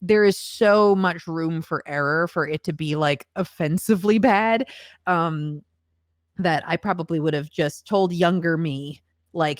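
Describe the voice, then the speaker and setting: A woman's voice: deep voice, a little slow, no echo, studio quality. A woman voice actor as a podcast guest, talking in a reflective, earnest way with frequent ums. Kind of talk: casual podcast conversation.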